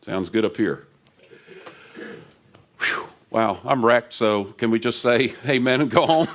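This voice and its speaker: A man giving a lively, conversational sermon from a church stage microphone, chatty and quick to laugh. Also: medium pitch. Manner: animated and chatty, laughs often. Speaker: guest preacher. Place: church sanctuary.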